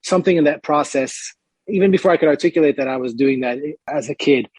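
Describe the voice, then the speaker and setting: A man from Israel, guesting on a podcast, recounts his past in an easy, reflective way. His voice sits a little high and sounds husky, recorded dry and close. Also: fast, no room sound, poor audio. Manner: relaxed, thoughtful, laughs easily. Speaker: performance coach, podcast guest. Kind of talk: casual interview storytelling.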